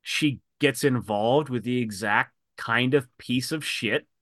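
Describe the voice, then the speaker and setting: A man's voice: mid-range voice, slow pace, bright, forceful tone, no echo, studio quality. A man talking frankly in a casual film discussion, swearing freely and retelling scenes. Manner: retells scenes with quoted voices.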